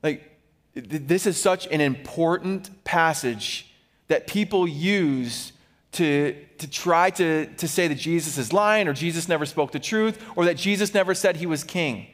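A man preaching a sermon as a pastor, animated, acting out the Bible figures he quotes. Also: a little high, unhurried, big-room sound.

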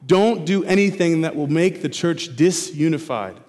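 A male pastor preaching an expository sermon, repeating key phrases slowly for emphasis. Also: a little high, darkish tone. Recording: preaching in a hall with long reverb.

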